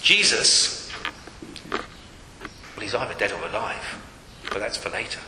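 In an echoey church hall with long reverb and faint noise, a man preaches a sermon in a lowish, sing-song voice. He keeps a measured pace, speaking emphatically and returning again and again to his key phrases.

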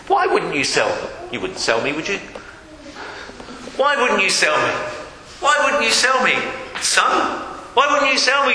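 A man delivers a sermon in a high, very bright voice, asking one rhetorical question after another. He takes his time over each phrase. The sound rings through a big echoing hall with a faint hiss underneath. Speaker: preacher.

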